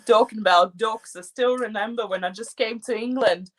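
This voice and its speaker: A Latvian-born woman whose first language is Latvian co-hosts a casual, playful chat while doing her makeup at home. Her voice is fairly high and her pace moderate, and she's animated and playful, laughing at herself.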